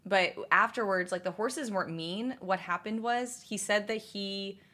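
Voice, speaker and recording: Speaking in a mid-range, sharp-toned voice at an unhurried pace, a young woman chats on her stream. She responds to viewer messages in a rambling way, full of fillers and restarts.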